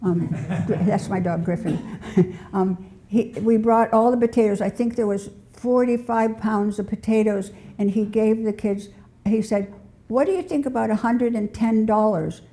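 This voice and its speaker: A woman's voice: mid-range voice, fairly even intonation, measured pace. An older woman telling rambling community stories, often restarting her sentences and laughing as she goes. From New Hampshire. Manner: warm rambling anecdotes with frequent restarts and laughter. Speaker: storyteller sharing community memories. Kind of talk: casual spoken storytelling.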